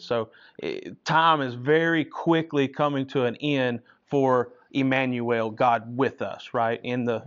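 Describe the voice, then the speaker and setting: A man's voice: mid-range voice, smooth. Man teaching a casual Bible study. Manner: casual, checks in with "right?" after points. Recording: dull lo-fi recording.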